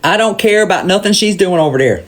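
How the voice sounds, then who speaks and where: A woman's voice: mid-range voice, lively intonation, quick pace, slight background noise. A woman with a Southern accent, ranting bluntly and profanely on a livestream from her phone and hammering her points by repeating them. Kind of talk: heated livestream rant.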